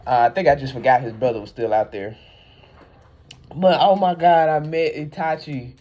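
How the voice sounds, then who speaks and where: Female vlogger, low voice, casual rambling chat with fillers and laughs. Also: normal speed, mellow. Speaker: vlogger reacting to an anime.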